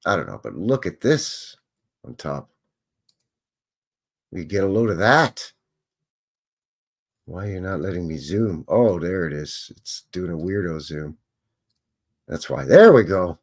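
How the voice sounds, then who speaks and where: A man's voice: deep voice, expressive, unhurried, pauses often. A man hosting a live show, chatting casually and joking as he reacts to what he is looking at. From Canada. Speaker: host. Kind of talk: casual live commentary on old photos.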